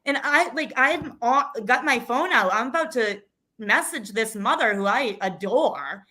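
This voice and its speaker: A woman's voice: a little high, lively intonation, unhurried, bright, forceful tone. Earnest woman telling an emotional story. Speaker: guest, school committee candidate. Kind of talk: casual interview.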